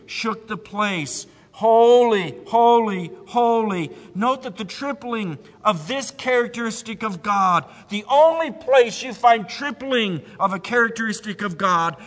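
A man preaching a sermon, emphatic, rising to loud cries and sinking to a low hush. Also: long reverb tail.

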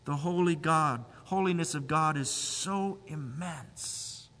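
A man preaching a sermon, emphatic, rising to loud cries and sinking to a low hush. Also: slow, big-room sound.

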